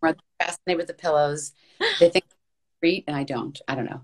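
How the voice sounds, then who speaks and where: A woman's voice: low-pitched, fairly quick, darkish tone. A woman talking as an interview guest about her voice-acting work, chatty and earnest, in long flowing runs. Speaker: guest voice actress. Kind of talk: casual interview.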